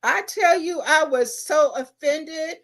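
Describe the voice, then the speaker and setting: A woman's voice: sits high, slow, fairly bright tone. A middle-aged woman talks in a casual livestream show as co-host. She speaks emphatically and a little preachily. She keeps asking the listener rhetorical questions. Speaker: podcast co-host.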